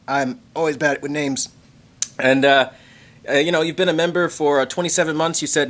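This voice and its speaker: A man hosting a tech livestream in casual chat, excitable and rambling, swearing casually and thanking members. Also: on the high side, normal speed. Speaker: tech channel host reading member messages on a livestream.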